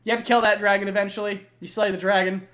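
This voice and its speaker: A man's voice: sits high, little pitch movement, fast talker, a bit bright. A young man casually recounting video game lore, rambling and swearing, with plenty of fillers. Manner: rambling, profane, many fillers. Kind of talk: casual chat.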